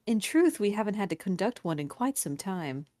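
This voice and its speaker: A woman's voice: mid-range voice, very animated, dark tone, lightly acted. Woman reading as a composed knight commander. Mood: formal. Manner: formal, measured delivery. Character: composed female knight commander, formal and calm. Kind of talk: reading game dialogue aloud.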